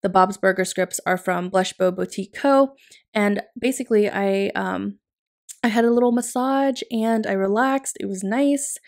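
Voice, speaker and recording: A woman vlogger chatting casually in a voice-over about decorating her planner, upbeat and quick to laugh. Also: mid-range voice, creaky.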